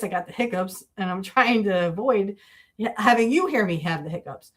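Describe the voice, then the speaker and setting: Female podcast host, chatty and rambling, filler-heavy, mid-pitched. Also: animated, moderate pace. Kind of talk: casual podcast talk.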